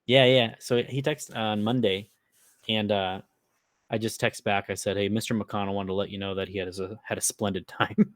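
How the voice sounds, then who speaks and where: Midwest dude rambling thru a story, swears a lot, lowish voice. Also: male voice, fairly even intonation, moderate pace, dry recording, clean studio sound. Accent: Upper Midwest American. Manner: rambling, swears freely, laughs while telling. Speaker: podcast co-host. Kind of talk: casual storytelling chat.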